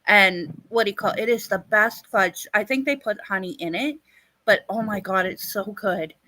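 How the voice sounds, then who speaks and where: A woman with a Canadian accent, co-hosting a live stream and telling a rambling story, often pausing on "what do you call it". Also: mid-range voice, bright, forceful tone, dry recording, poor audio. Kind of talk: casual storytelling chat.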